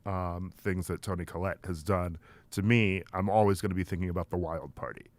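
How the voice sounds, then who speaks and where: A man co-hosting a podcast interview, asking questions in a soft-spoken, measured way. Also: sits low, fairly even intonation, no echo. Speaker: podcast co-host. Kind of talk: interview conversation.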